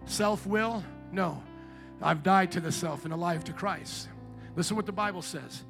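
A man preaching from the pulpit in a high, bright voice, fervent and emphatic. He slows way down to lean on every scripture quote. A faint guitar plays quietly beneath him. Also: vocal fry. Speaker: pastor. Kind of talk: sermon. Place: church sanctuary. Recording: faint guitar music behind.

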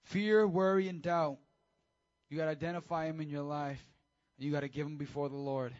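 A man preaching a casual, high-energy sermon to teenagers as youth pastor, with call-and-response. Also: fairly even intonation, brisk, a little mellow, highs cut off.

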